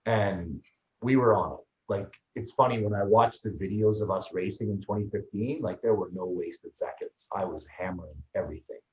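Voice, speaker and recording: Man telling a race story, roomy sound. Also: on the low side. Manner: lively, fast storytelling with many restarts. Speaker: guest, ultraman athlete and trainer. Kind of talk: storytelling in an interview. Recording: roomy, slightly dull sound.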